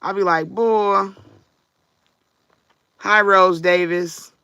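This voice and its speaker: Woman reader running a live stream: very bright, sharp voice, dry close sound, chatty with viewers. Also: fairly low pitch, a little slow, clear, resonant tone, dry recording, muffled recording. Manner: chatty, greets and answers commenters by name. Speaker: tarot reader and livestream host. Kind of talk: casual livestream chat.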